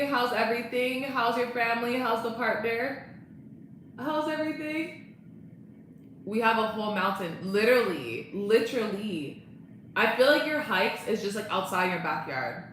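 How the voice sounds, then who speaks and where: A woman's voice: on the high side, a bit bright, a little hiss or hum. A young woman chatting casually on a live stream, bubbly and laughing often as she greets viewers. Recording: very echoey room.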